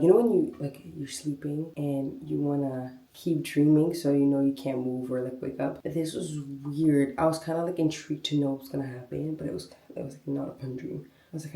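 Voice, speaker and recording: A woman's voice: sits low, fairly even intonation, moderate pace, gravelly, dark tone, husky. A young woman, chatting casually in her vlog while still short of breath and coughing from a cold. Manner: chatty, slangy, rambling. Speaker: vlogger. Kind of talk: casual chat.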